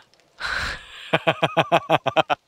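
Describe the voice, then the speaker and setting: Brief: a giggly man streaming a game, bright and lively, dry close mic. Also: fairly high pitch, drawn-out words, breathy edge, dry recording. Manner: chatty, laughs often. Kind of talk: casual livestream chat with viewers.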